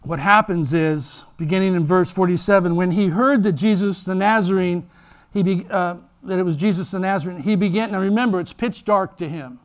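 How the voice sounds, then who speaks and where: A man's voice: high-pitched, a little fast. A man preaching a sermon in church as pastor, telling stories animatedly and acting out voices. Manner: animated storytelling, acts out voices.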